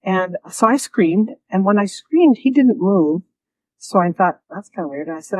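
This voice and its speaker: Animated woman telling a story. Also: mid-range voice, moderate pace, dry recording, low-quality recording. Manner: animated, acts out quoted voices, laughs often. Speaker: interview guest. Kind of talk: storytelling in a conversational interview.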